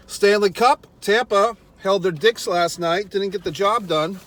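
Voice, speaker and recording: A man's voice: sits high, a little slow, hardly any pauses, fairly bright tone. A man ranting casually to his viewers while he eats, swearing often and talking in wry, rambling asides. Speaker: vlogger. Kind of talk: casual eating vlog rant. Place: in a car.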